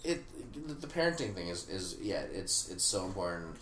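A man in casual podcast chat, talking in an animated, rambling way with frequent restarts. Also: sits low, normal speed, slight background noise. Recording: roomy, faint ambience.

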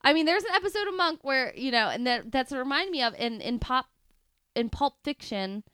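A woman's voice: high-pitched, lively intonation, fairly quick, fairly bright tone. A woman co-hosting a podcast, chatting casually about a true-crime case and laughing often through joking banter. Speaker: podcast co-host.

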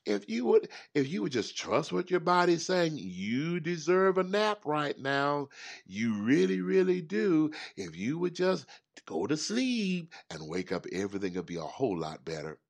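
Animated gravelly man giving a pep talk. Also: medium pitch, moderate pace. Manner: animated, preachy, acts out little voices. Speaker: host and life coach. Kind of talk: motivational radio talk.

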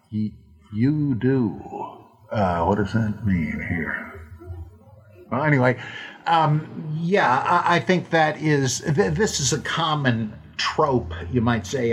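A man hosting a podcast, talking off the cuff in a slow, rambling way, full of fillers and restarts, now and then acting out quoted lines in playful voices. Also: mid-range voice, husky. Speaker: podcast host answering listener questions. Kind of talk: unscripted monologue.

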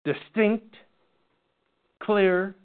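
A man's voice: high-pitched, smooth. Earnest man teaching a Bible class. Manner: earnest, halting with restarts. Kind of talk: Bible study lesson. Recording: tinny phone-like recording.

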